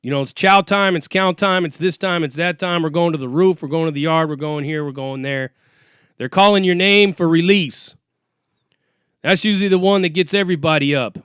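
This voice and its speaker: A man's voice: a little high, a little fast, fairly bright tone, smooth, no echo, studio quality. A man telling a story about his time in jail in a casual, profane, streetwise way, acting out what people said. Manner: profane, streetwise, acts out quoted dialogue. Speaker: former inmate telling prison stories.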